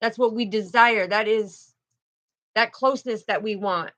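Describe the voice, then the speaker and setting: A woman's voice: on the high side, a little slow, a bit bright, low-quality recording. A middle-aged woman, hosting a casual spiritual livestream, effusive and protective as she greets her viewers by name.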